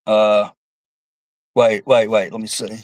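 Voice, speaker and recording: A man's voice: fairly low pitch, flat delivery, takes it slowly, no echo, rough recording. Angry, profane male livestream host. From United States. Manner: heated, profane, reads chat comments aloud. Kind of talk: angry political livestream rant.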